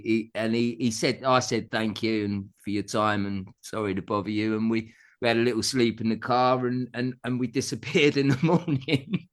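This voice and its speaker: A middle-aged man tells a long story in a relaxed chat. His voice rises and falls a lot as he acts out what people said. He laughs often as he talks. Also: medium pitch. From England. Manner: animated anecdote telling with laughs and acted-out quotes. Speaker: guest musician. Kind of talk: casual storytelling.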